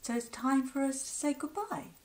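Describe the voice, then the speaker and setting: A woman teacher reading a picture book aloud to children, slow and animated, with lively sound effects. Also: sits high. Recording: echoey room.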